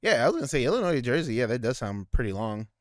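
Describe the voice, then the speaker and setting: A man co-hosting a laid-back podcast, talking in loose, meandering sentences full of restarts and fillers. His voice is smooth and clear at a middling pitch. The sound is dry and close, with no room around it. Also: very animated, very fast, no echo. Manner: rambling, many restarts and fillers, slips into goofy put-on voices. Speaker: podcast co-host. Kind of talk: casual chat.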